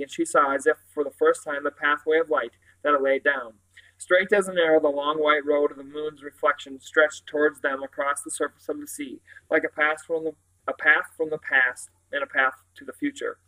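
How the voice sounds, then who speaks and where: A man reading a children's novel aloud in a steady manner, with occasional slips and restarts. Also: on the high side, poor audio. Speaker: reader.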